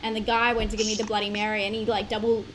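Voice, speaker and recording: A woman's voice: medium pitch, monotone, racing, fairly bright tone, a little hiss or hum, poor audio. A woman in her late twenties with an Australian accent, chatting casually on a live stream, laughing often and filling with "like". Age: 20s. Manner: chatty, laughs often, many likes and fillers.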